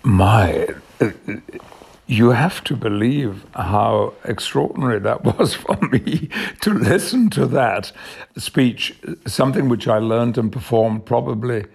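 An older man with an English accent, an actor guest in a radio interview, speaking in a measured, thoughtful way. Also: mid-range voice, expressive, a little mellow. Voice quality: gravelly and husky. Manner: measured, thoughtful, reflective storytelling.

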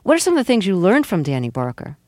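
A woman's voice: mid-range voice, wildly swooping pitch, fast, mellow, no echo. A woman with a mid-range voice hosts a radio interview from a studio. She asks short, pointed questions and sets up her guest's answers. The sound is close and dry, with no room around it. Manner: brief, probing questions.

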